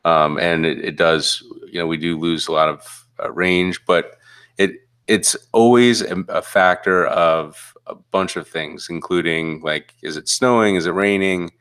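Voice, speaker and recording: Deep voiced guy cohosting a podcast, laid back, lots of ums and you knows. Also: unhurried, smooth. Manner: relaxed, rambling, many fillers. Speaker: podcast co-host. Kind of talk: casual podcast chat.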